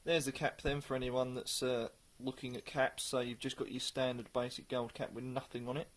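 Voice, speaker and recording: Here a man talks through a beer review in a relaxed, conversational way, his mid-range voice keeping a level tone while he sometimes stops to find the right phrasing.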